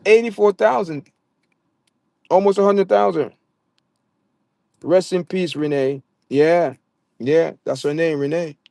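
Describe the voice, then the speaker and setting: A man's voice: fairly high pitch, slow pace, creaky, pauses often, dark tone, dry recording, clean studio sound. A man with a Jamaican accent hosting a casual livestream, talking straight to his chat viewers and often stammering and repeating words. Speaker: livestream host.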